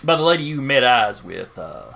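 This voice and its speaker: A man's voice: medium pitch, big pitch swings, normal speed, gravelly, pushed and bright. A man running a tabletop role-playing game as game master, narrating hesitantly with many fillers.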